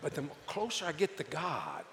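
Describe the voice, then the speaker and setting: An older man preaching a storytelling sermon, folksy and animated, acting out the voices of the people in his tales. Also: fairly high pitch, moderate pace, vocal fry, slight background noise. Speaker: evangelist. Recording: echoey hall with faint ambience.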